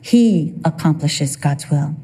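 A woman in her fifties preaching a sermon with an emotional, expressive delivery. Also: deep voice, slow pace, slightly rough.

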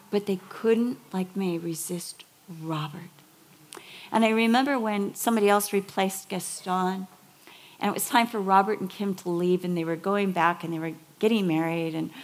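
A woman preaching a sermon, telling a personal story with lively acted-out quotes and soft whispered emphasis. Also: mid-range voice.

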